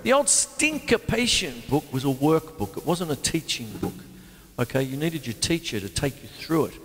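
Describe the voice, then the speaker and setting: A man's voice: fairly high pitch, sing-song, moderate pace. An older man, chatting his way through a drum lesson, rambling and laughing often. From Australia. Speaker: drum teacher. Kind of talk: casual drum lesson talk. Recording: long hall reverb, loud drum kit. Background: drums and music playing.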